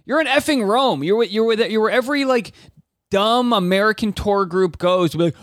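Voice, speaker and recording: A comedian hosts a comedy reaction podcast in a high-pitched, fairly bright, grating voice at a brisk pace. He cracks jokes and riffs sarcastically between clips, full of wisecracks and asides. The recording is dry and studio quality.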